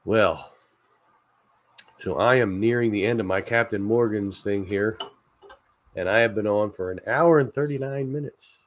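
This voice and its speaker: Laid-back joking man with a lowish voice. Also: measured pace, pauses often, a little hiss or hum. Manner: joking, rambling, laughs often at his own ideas. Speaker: channel host. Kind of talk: casual late-night chat stream.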